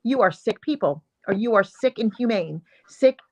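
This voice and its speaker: A woman's voice: medium pitch, expressive, moderate pace, a little mellow. A woman hosting a show, giving heated, emphatic commentary on video clips and repeating her points with indignation. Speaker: show host.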